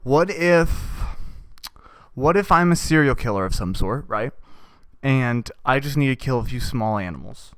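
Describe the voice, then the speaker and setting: A young man hosting a podcast, delivering an absurd, deadpan comic monologue that he keeps punctuating with "right?". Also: medium pitch, unhurried, clean tone, no room sound. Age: young adult. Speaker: podcast host.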